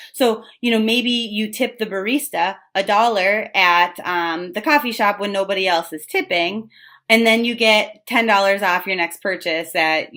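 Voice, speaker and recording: A woman talks through a tarot reading in a loose, conversational way. She is frank and chatty, fills her pauses with little asides, and lets the odd swear word slip. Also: mid-range voice, fairly bright tone. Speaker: tarot reader.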